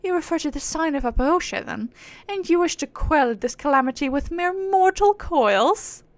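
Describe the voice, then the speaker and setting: A woman's voice: high-pitched, expressive, normal speed, no echo, pitched above the performer's own voice. A woman voicing a haughty, aloof female spirit in a put-on British accent, talking in a lofty, commanding way. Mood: grandiose.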